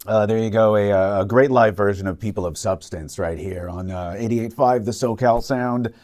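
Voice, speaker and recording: A man hosting a radio interview in a studio, hoarse as he loses his voice, speaking casually with many fillers. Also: on the low side, normal speed, a little mellow. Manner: filler-heavy, lots of "uh" and "you know". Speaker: radio host. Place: radio station studio session.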